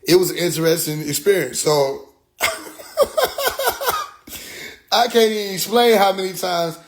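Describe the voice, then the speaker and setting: A young male podcast host tells a story casually, animated and profane, occasionally acting out other people's voices. His voice sits high and his pace is brisk.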